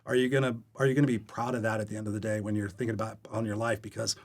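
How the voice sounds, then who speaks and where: A man with a lowish, racing voice is a guest coach being interviewed on a podcast. He tells candid stories with plenty of energy, acting out the quoted dialogue in a storytelling chat.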